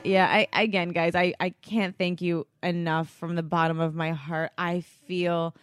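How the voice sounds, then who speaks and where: A woman's voice: on the low side, level tone, unhurried, over music. A young woman co-hosting a podcast, talking in an earnest, heartfelt way with the odd swear word. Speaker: podcast co-host. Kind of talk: casual podcast chat.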